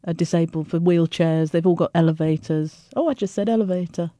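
A woman, a tour guide on a radio show, explaining things in a measured, friendly way. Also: on the low side, mellow, no room sound, clean studio sound. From London. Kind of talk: conversational radio interview.

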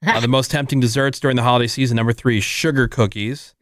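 A man's voice: mid-range voice, fairly even intonation. A middle-aged man hosting a radio show, reading survey results with chatty asides in casual banter. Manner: chatty, reads statistics with quick asides.

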